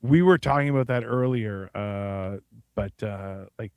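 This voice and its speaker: A man's voice: lowish voice, a little slow, a little mellow, smooth, dry recording. A man co-hosting a podcast in crude casual banter, rambling with fillers and acting out quotes, recorded close in a studio. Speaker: co-host.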